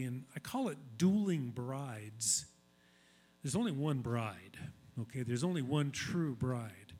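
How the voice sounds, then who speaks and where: A man's voice: medium pitch, darkish tone. A male pastor giving a sermon in a conversational, emphatic style, repeating key phrases for weight.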